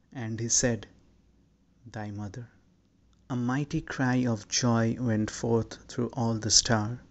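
A man reading a storybook in a slow, measured scripted narration. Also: mid-range voice, darkish tone, muffled recording. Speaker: audiobook narrator.

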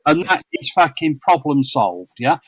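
A man's voice: on the high side, sing-song, measured pace, breathy edge, dry recording, rough recording. A man co-hosting a casual football podcast, blunt and sweary, teasing the others. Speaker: podcast co-host. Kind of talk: casual chat.

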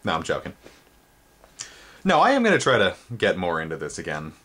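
A man giving an expressive dramatic reading of a children's book, speeding up and rising when the story gets exciting. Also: low voice, a little fast, breathy edge. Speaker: book reader.

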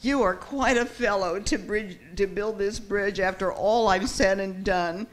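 A woman's voice: mid-range voice, a little slow, close to an everyday voice. Woman doing a grateful younger brother.

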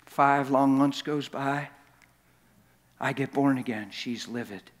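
An impassioned male preacher who tells his story in a confessional way, with a voice of middling pitch. His words ring out through a large church with a long reverb. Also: slow. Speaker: guest preacher. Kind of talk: sermon.

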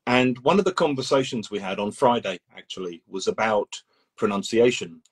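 Husky man hosting a casual live chat. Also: lowish voice, normal speed, rough recording. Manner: rambling, with many restarts and acted examples. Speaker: host. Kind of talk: casual interview over a live stream.

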